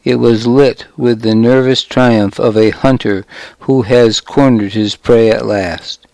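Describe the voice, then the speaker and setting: A man reading a first-person story aloud in a measured, dramatic way. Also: medium pitch, fairly even intonation, gravelly, a little mellow, no room sound, low-quality recording. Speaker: audiobook narrator.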